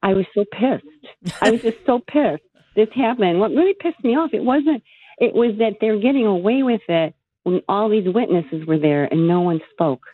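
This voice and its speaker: A woman's voice: mid-range voice, animated, moderate pace, slightly rough, no echo. Blunt woman caller on a tinny phone line. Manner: blunt and heated, telling of her anger. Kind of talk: telling a story on a call-in radio show.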